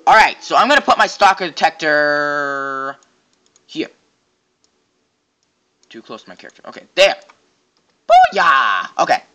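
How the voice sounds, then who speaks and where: A man giving goofy, excitable, rambling commentary while playing a game and joking to himself. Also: fairly high pitch, moderate pace, long pauses. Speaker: game reviewer. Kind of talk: casual gameplay commentary.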